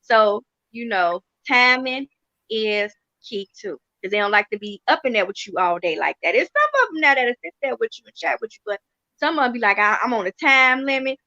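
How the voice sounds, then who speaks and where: A woman's voice: fairly high pitch, very animated, normal speed, sharp tone, no echo, dull audio. A woman nail tech talking casually and emphatically about her work. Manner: colloquial, emphatic. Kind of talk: casual chat.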